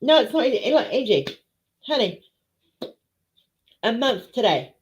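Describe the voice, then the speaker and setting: A livestream host with a slightly high voice speaks slowly but very animatedly, emotional and teary as she greets viewers by name in a casual live chat. The stream audio is dull and lo-fi.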